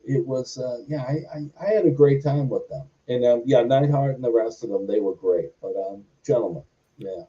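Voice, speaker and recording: As an interview guest, a middle-aged man from Boston, US, who used to work as a wrestler and stuntman, rambles through a lengthy story full of tangents, voicing the dialogue he quotes. He speaks at a moderate pace in a mid-range voice with a dark tone, and the recording is muffled and far off.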